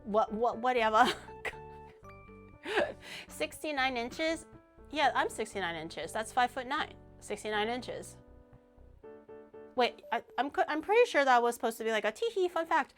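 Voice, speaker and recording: A woman VTuber streaming in casual, animated chat, joking at her own expense and laughing often, from a home mic setup. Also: fairly high pitch, normal speed, pauses often, soft background music.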